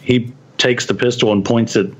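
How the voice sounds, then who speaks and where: A man's voice: mid-range voice, steady tone, moderate pace. A man from West Texas, a podcast guest telling stories in casual chat and chuckling often as he goes. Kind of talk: casual storytelling.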